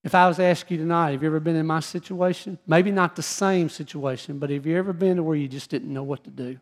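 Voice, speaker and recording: A middle-aged man preaching a midweek sermon in a voice sitting a little high for a man. He reads scripture steadily, then sinks to a hushed, slow delivery when he speaks of his own trials. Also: fairly even intonation. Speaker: pastor.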